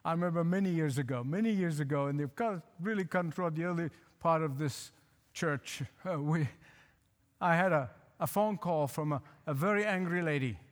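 A male pastor preaching a sermon, emphatic, repeating phrases and slowing to stress lines. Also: fairly high pitch. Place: church. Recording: hall reverb.

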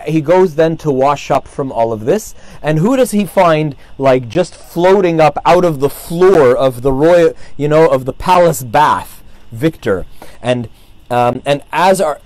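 A man's voice: on the high side, darkish tone, no room sound. A man casually retelling a saint's life, rambling, with many fillers and restarts. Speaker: storyteller.

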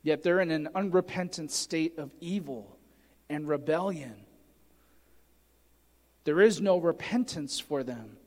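A man's voice: a little high, unhurried, long pauses, a little mellow, long reverb tail. A man preaching a sermon, earnestly teaching and reading scripture aloud with emphasis. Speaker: pastor.

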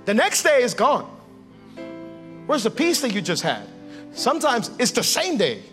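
A male pastor preaching a lively sermon, acting out everyday scenes and calling on the congregation to respond. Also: very high voice, unhurried, faint music behind. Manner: animated, acts out everyday scenes and voices; calls for audience response.

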